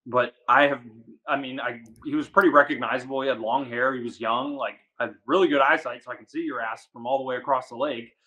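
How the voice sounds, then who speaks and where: A man from the Washington DC area, a guest angler, telling a story in casual chat, animated and full of "like". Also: medium pitch, lo-fi sound. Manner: animated, fast, says "like" a lot.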